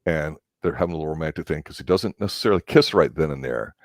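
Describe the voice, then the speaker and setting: A man chatting casually as a movie review host, rambling and excitable, with casual swearing. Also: very deep voice, fast, no room sound, studio quality.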